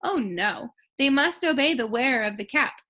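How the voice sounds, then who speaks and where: A woman voicing a tiny, squeaky, kindly queen of the mice in a storybook read-aloud. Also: expressive, moderate pace, bright, forceful tone, heavily acted.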